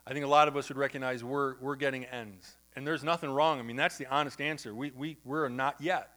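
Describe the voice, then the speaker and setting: Bright, animated storytelling preacher man. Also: medium pitch, a little fast. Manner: conversational, animated storytelling with asides to the congregation. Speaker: pastor. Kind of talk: sermon with storytelling. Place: church.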